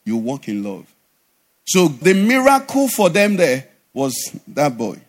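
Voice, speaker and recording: Male pastor, middle-aged, high voice, animated sermon delivery. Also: unhurried. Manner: animated preaching with sudden drops to a low conversational voice and acted asides.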